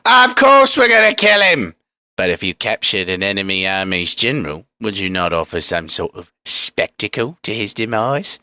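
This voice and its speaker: A man's voice: sits low, normal speed, few pauses, pushed and bright, clear, resonant tone, no echo, studio quality. A man voicing a scheming, menacing Roman senator in a Cockney accent for a comedic audio drama. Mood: indignant. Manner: theatrical, with sudden outbursts.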